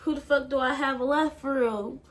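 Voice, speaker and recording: A young woman telling an emotional story in a halting way, full of fillers and swearing, and fighting back tears. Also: high-pitched, fairly even intonation. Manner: halting, with many fillers and profanity. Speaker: vlogger.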